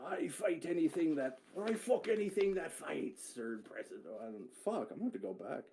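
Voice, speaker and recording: Guy running a tabletop game, bit high voice, swings up and down a lot, swears and fumbles casually. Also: animated, a little fast, warm tone, a little hiss or hum. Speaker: game master.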